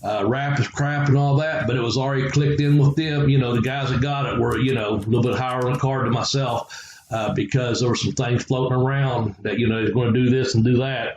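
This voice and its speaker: The podcast's former-wrestler co-host keeps up his casual, chuckling storytelling, voicing the people he quotes along the way. His mid-range voice is brisk, fairly even and darkish in tone, captured in a roomy, rough recording.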